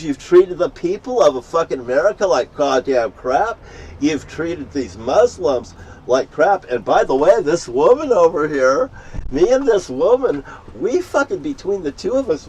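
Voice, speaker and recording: A man delivering a profane, boastful, threatening rant outdoors, swearing constantly and breaking into loud outbursts. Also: fairly high pitch, slightly rough. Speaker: street ranter. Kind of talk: profane angry monologue. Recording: distant mic with faint background noise.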